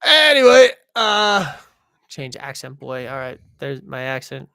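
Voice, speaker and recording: Bright, rambling young podcast host. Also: male voice, mid-range voice, lively intonation, measured pace, gravelly, clean tone, no room sound, studio quality. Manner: rambling, self-deprecating. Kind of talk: casual chat.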